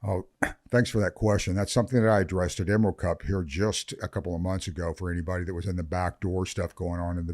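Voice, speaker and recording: An older man with a very low, deep voice speaks bluntly and swears freely, ranting with fired-up conviction. The sound is close and dry, with no room around it. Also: darkish tone, dry recording. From Northern California. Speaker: veteran cannabis grower guest. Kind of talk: podcast interview.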